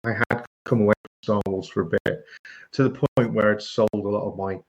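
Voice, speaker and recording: A man's voice: on the low side, fairly even intonation, fairly quick, gravelly. A man co-hosting a podcast, chatting casually like a storyteller and laughing easily. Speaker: podcast co-host. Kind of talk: casual chat. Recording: dull lo-fi sound.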